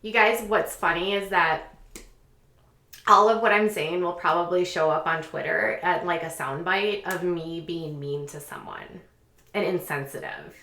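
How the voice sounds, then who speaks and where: A woman host talks straight to her viewers in a casual, sarcastic stream, delivering absurd claims with a mock-serious tone. Her voice is bright and a little sharp, and it rings in an echoey room. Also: on the low side, measured pace. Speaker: channel host. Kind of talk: casual livestream chat.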